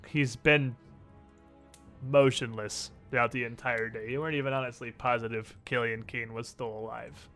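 A man's voice: mid-range voice, fairly even intonation, normal speed, a bit bright, soft background music. A man narrating a tabletop game as game master, with dramatic, lingering narration.

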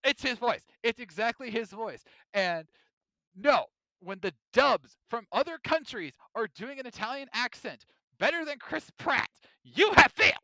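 A high, lively man's voice, bright and crisp, sounding off on a podcast. He talks in an emphatic, animated way, stacking up his points. The sound is dry and close. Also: a little slow, no echo. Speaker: podcast co-host. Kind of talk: casual chat.

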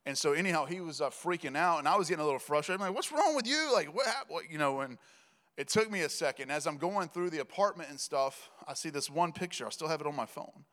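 A man preaching in a conversational, joking storytelling style, building to loud emphatic passages. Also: on the high side, fast talker. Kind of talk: sermon storytelling. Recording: reverberant hall.

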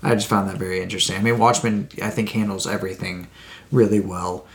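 A man's voice: deep voice, fairly even intonation, fast talker, vocal fry, a crowd in the background. A man co-hosting a podcast in casual chat, rambling and correcting himself as he goes. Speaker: podcast co-host.

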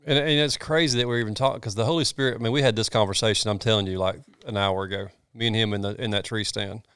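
A man's voice: on the low side, fairly even intonation, fast talker, fairly bright tone, clear, resonant tone, no room sound, studio quality. A man, a pastor talking in a casual chat, earnest and folksy, with many restarts.

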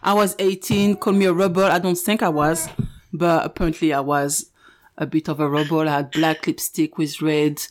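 A woman's voice: deep voice, normal speed. Frank French-accented woman in her forties. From France. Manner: frank, animated storytelling. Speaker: guest. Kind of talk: candid podcast conversation.

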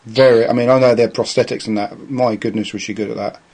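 A man hosting a casual podcast chat over a video call, enthusiastic and halting, with lots of fillers. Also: medium pitch, fairly even intonation, crowd noise. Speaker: podcast host.

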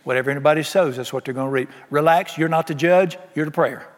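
A man preaching a sermon, folksy and animated, often acting out what people say. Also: a little high, quick pace. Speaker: pastor. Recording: long hall reverb.

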